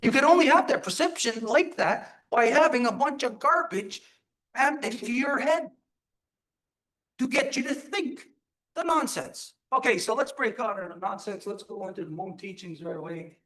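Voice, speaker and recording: A man's voice: very high-pitched, normal speed, fairly bright tone. A man giving an emphatic live teaching talk, asking his audience rhetorical questions. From Turtle Island.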